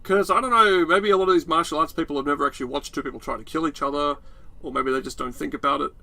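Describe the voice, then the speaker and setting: Australian male co-host, sarcastic reviewer, bright tense voice. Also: on the high side, fairly even intonation, racing, creaky, dry recording. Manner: sarcastic, mocks scenes in put-on voices. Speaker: podcast co-host. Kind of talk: casual review chat.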